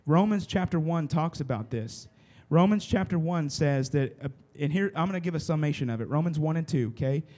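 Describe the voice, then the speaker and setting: A man's voice: fairly high pitch, lively intonation, fairly quick, few pauses, warm tone. A man preaching a casual sermon to a room of listeners, often stopping to check that they follow along. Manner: conversational, keeps checking in with the listeners. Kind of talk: casual sermon to a youth group. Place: room with a live audience.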